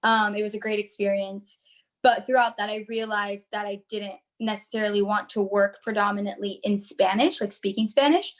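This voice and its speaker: A woman's voice: medium pitch, moderate pace. A woman in her twenties from Miami, a podcast guest telling stories in casual chat and acting out her own lines. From Miami, United States. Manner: animated storyteller, acts out her own lines.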